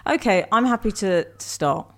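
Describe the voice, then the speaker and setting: A woman's voice: mid-range voice, animated, normal speed, a bit bright. A woman co-hosting a casual radio chat from home, chatty and teasing. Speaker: radio co-host. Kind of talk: casual banter.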